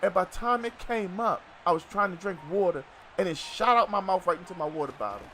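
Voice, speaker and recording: Middle-aged male streamer, high voice, loose and jokey, talks to chat while he plays. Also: animated, brisk, bright, forceful tone. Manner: loose, joking, chatty with viewers. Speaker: gaming streamer. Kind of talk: casual live-stream chat while playing.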